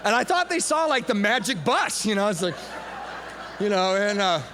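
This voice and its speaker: A man's voice: sits high, big pitch swings, bright, forceful tone. Candid man testifying in a big hall. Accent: Southern Californian. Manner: candid, self-mocking, halting restarts. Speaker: recovery meeting speaker. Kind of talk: personal testimony talk. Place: large convention hall. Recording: hall echo, faint hum.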